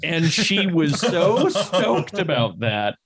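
A man's voice: a little high, big pitch swings, slow pace, slightly rough. A man co-hosting a podcast, telling a rambling, swear-laden story with chuckles in casual chat. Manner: rambling storytelling with laughs and profanity. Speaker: podcast co-host.

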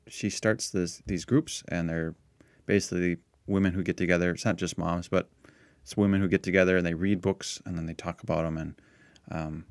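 A middle-aged man co-hosting a parish podcast in relaxed casual chat, laughing easily and restarting his sentences. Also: sits low, dry recording.

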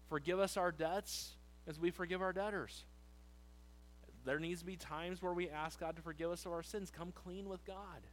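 A man pastor preaching a sermon in a church, reading scripture slowly and loudly between casual asides. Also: high voice, slight background noise, poor audio.

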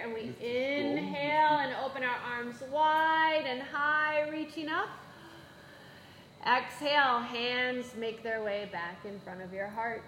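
A woman teaching a playful yoga class for children, giving gentle, encouraging instructions. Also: sits high. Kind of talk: guided kids' yoga class. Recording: echoey room with faint background noise.

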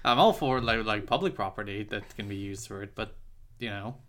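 A man co-hosting a podcast in casual chat, blunt and opinionated, often cutting in with quick retorts. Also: fairly low pitch, fairly bright tone. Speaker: podcast co-host.

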